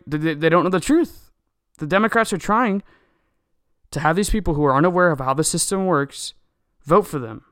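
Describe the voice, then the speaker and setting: A man's voice: a little high, a bit bright, clean tone, no echo, clean studio sound. A young man delivering a solo opinion rant, agitated and indignant, often repeating words and restarting sentences. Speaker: political commentator.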